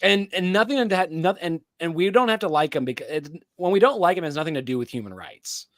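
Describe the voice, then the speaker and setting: A man's voice: high voice, animated, quick pace, fairly bright tone, no echo, studio quality. A man co-hosting a podcast, recapping a TV episode in casual chat, rambling with lots of fillers and restarts. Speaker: podcast co-host.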